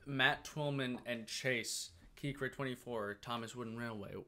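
A man's voice: mid-range voice, a little slow, bright, forceful tone. A man co-hosting a podcast in casual chat, talkative, swearing freely and slipping into silly voices. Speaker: podcast co-host.

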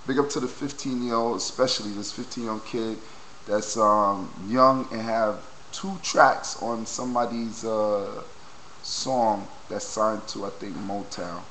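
Excited young guy ranting on a cheap webcam, keeps repeating himself, bright punchy voice. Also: on the low side, measured pace, a little hiss or hum, low-quality recording. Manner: hyped, repetitive exclamations. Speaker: video blogger. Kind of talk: excited webcam vlog reaction. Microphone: low-quality webcam.

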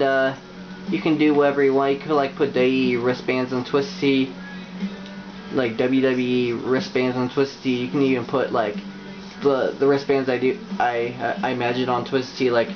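Young male YouTuber, rambling and halting, dull lo-fi recording over music. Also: medium pitch, level tone. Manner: rambling, halting, many fillers and restarts. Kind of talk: casual game tutorial.

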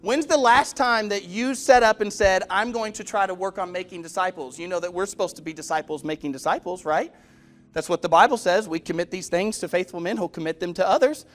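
A man's voice: high voice, fairly quick, soft background music. A male pastor preaching a sermon in a direct manner, putting questions to the congregation and acting out the people in his stories. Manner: storytelling, acts out quoted voices. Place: church.

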